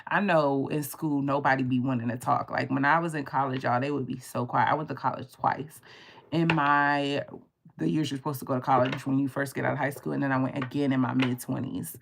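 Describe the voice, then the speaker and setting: A woman tarot reader chatting casually on a live stream, telling stories in an animated way and swearing freely. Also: rumbling low, brisk, vocal fry, a little hiss or hum.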